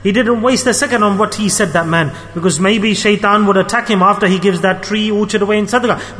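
A man preaches with urgency and emphasis, driving points home by repeating his phrases. His voice sits high and rolls fast. It carries a long reverb, as in a big hall. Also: fairly bright tone. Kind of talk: sermon.

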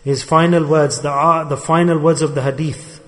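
A man's voice: fairly high pitch, fairly even intonation, moderate pace, fairly bright tone. A man preaching a sermon to a gathering in a hall. He retells a story with emphasis and asks his listeners rhetorical questions. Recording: long reverberant hall.

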